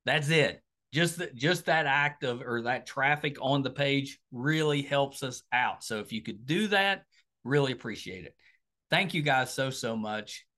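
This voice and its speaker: A middle-aged podcast host with a West Virginian accent casually talks through an outro and a pitch for support. He's unhurried, with a bright, forceful tone, and rambles with lots of fillers and restarts.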